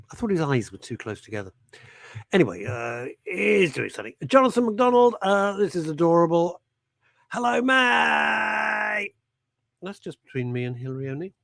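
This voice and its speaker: A man's voice: a little high, sing-song, a little fast, no echo. A middle-aged man hosting a radio show, rambling and self-mocking with jokey asides. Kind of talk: chatty live radio presenting.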